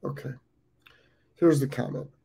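The voice is mellow and a little slow, belonging to an American man in his fifties who has the hiccups. He hosts a live dog training show in loose, casual talk, wandering and repeating himself with frequent ums.

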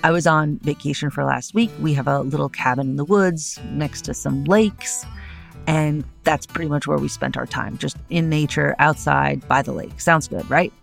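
A middle-aged woman hosting a solo podcast, talking in an animated, conversational way and often checking in with "right?". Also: deep voice, moderate pace, vocal fry, faint music behind. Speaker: podcast host. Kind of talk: solo podcast monologue on philosophy.

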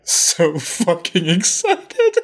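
A man's voice: high voice, wildly swooping pitch, drawn-out words. A young adult man co-hosting a casual recap podcast, enthusiastic and teasing, laughing often. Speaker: podcast co-host.

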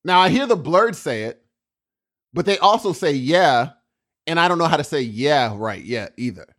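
A man co-hosting a podcast, joking around in casual chat and laughing easily. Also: on the high side. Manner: animated, jokey, quick to laugh. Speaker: podcast co-host.

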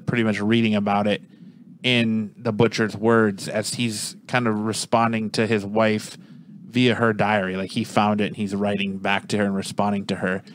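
A man's voice: on the low side, fairly bright tone, slight background noise. A man casually reviewing a comic book on a podcast, rambling and restarting his sentences as he searches for words.

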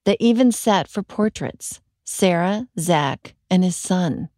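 A woman hosting a podcast, reading a scripted true-crime narration in a measured, serious way. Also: lowish voice, expressive, darkish tone, no echo, clean studio sound.

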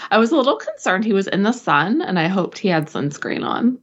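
Young woman, podcast co-host, casual chat, lively pitch, lo-fi. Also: fairly quick, slightly rough. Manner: chatty, joking, trails off mid-sentence.

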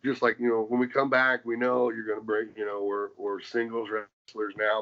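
A man and former wrestler, telling stories from his career in a casual interview, rambling with many restarts and fillers and getting animated as he retells things. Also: fairly low pitch, moderate pace, few pauses. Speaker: former pro wrestler, guest. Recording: dull lo-fi sound.

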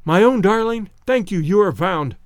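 A man's voice: high-pitched, expressive, moderate pace, no room sound, clean studio sound. A man voicing an anxious, loving mother in a storybook reading, speaking tenderly. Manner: tender, fervent.

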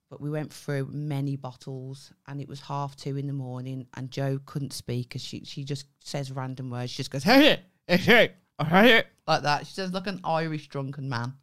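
Low-voiced young Liverpudlian woman telling stories. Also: a little mellow. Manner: chatty storyteller, swears freely. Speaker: podcast co-host. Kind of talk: casual banter podcast.

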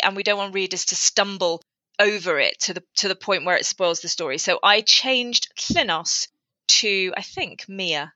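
A woman's voice: medium pitch, sharp tone, dry recording, dull audio. A woman author talking through her writing in a casual interview, thoughtful and prone to restarts. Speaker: author guest. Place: lives in North Wales.

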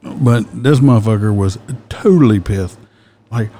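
A man's voice: lowish voice, fairly even intonation, moderate pace, mellow. A man, a police officer who casually tells stories in a blunt, profane way. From American South. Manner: blunt and profane, with an easy drawl. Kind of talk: casual storytelling.

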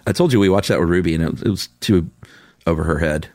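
Man, very low voice, casual podcast co-host reading listener notes, dry close sound. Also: fast, a little mellow, no echo. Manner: laid-back, chuckling, frank opinions. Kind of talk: casual chat.

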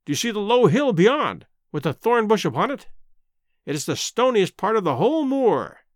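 A man putting on a spiteful old squire in a storybook reading, full of pompous indignation and bluster. The voice sits high and leaps about in pitch, caught on a dry close mic. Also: sing-song, normal speed, dry recording. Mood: scornful.

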